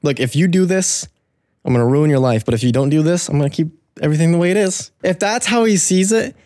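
A man's voice: a little high, quick pace, dark tone, no room sound, studio quality. A man in casual conversation who reasons his views out aloud. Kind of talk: casual chat.

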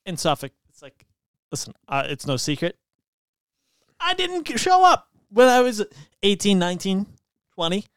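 A man in his twenties in casual chat, loud and rambling, swearing often, with sudden jumps in pitch. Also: big pitch swings, normal speed, pauses often, clean tone, no room sound, clean studio sound. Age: 20s.

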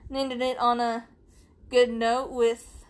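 A woman's voice: fairly high pitch, flat delivery, slow pace, clean tone. A young woman hosting a podcast in casual chat, giggly and joking with casual swearing, her throat sore. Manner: giggly, swearing, jokey storyteller. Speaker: podcast host.

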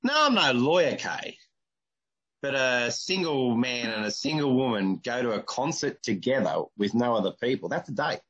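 Crude, husky Australian man. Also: medium pitch, very animated, moderate pace, a bit bright, highs cut off. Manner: blunt, crude, teasing. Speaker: podcast host. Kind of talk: casual interview chat.

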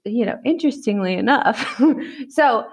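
A woman's voice: on the high side, lively intonation, unhurried, husky. A woman in her thirties co-hosting a podcast, chatting casually and laughing often. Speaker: podcast co-host. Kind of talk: casual chat.

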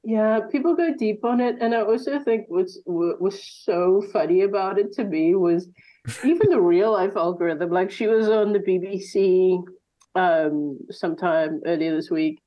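A woman's voice: mid-range voice, normal speed, highs cut off. A woman co-hosting a podcast in casual chat, laughing often and chiming in. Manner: chatty, laughs often, chimes in. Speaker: podcast co-host.

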